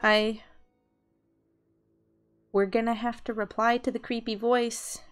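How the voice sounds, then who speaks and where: A woman's voice: fairly high pitch, flat delivery, takes it slowly, faint music behind. Woman narrating a game with asides. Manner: chatty asides between narration. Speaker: game reader. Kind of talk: reading a visual novel aloud.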